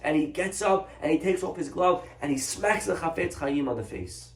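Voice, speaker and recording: A man, a rabbi, telling a story in a Torah lesson, animated and acting out the characters. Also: a little high, moderate pace. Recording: echoey room.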